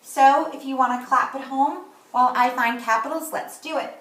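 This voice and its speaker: Woman teacher talking slow and clear to little kids, kinda high voice, echoey room. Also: fairly bright tone, distant mic. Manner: slow, clear, instructive delivery. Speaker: kindergarten teacher. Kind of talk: remote classroom lesson.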